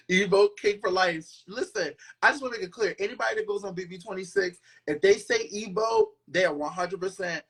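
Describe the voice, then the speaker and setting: A man hosting a casual podcast chat, dramatic and sassy in the way he talks. His slightly husky voice swoops up and down with lively expression. He talks loudly and with a lot of attitude. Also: high-pitched, a little fast. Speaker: podcast host.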